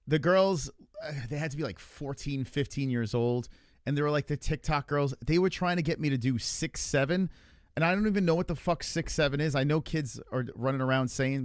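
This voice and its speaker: A male livestream host talks in a loose, rambling way, swearing freely as he reacts to the chat. His voice sits at an ordinary middle pitch. The sound is dry, with no room around it. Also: no echo. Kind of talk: casual profane livestream chat.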